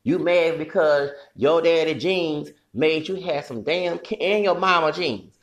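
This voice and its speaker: A man's voice: a little high, a little slow. A man hosting a solo podcast, delivering a heated, profane, rambling rant with bursts of laughter. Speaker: podcast host.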